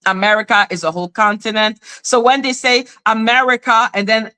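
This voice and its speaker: A woman from Canada, holds forth on her live stream in a heated, casual rant. Her voice is bright and sharp, and she leans hard on her points, swears without pause and slips into high squeaky voices to mimic others. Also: steady tone, smooth.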